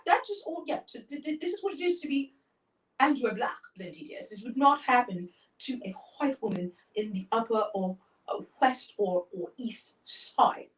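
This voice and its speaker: A woman hosting a casual online chat, telling a long story with dramatic, wry asides and a repeated catchphrase. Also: medium pitch. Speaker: host. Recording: roomy, distant mic.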